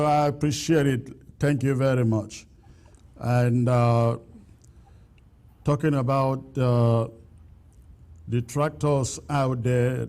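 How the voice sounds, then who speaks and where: A man hosting a call-in show, speaking deliberately and repeating his words as he takes callers. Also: mid-range voice, dark tone. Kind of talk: call-in radio talk.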